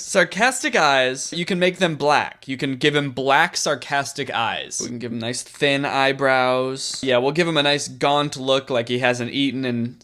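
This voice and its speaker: A man's voice: medium pitch, fairly bright tone. A man, a YouTuber, giving rambling, sarcastic comedic commentary on a game and laughing often.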